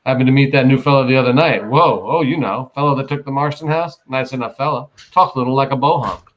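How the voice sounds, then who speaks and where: A man's voice: medium pitch, animated, a little fast, lightly acted. A man voicing a blunt, folksy small-town dump keeper.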